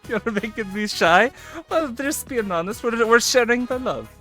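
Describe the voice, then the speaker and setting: With faint music in the background, a man chats casually on a live stream in the put-on character voice of his persona, laughing often and swearing freely. His voice is very high, animated, bright, and forceful, and he speaks slowly.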